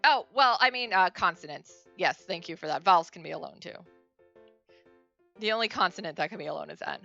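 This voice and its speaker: A woman's voice: on the low side, animated, brisk, vocal fry, sharp tone, muffled recording, faint music behind. A woman streamer giving a casual beginner language lesson, chatty and full of fillers and self-corrections.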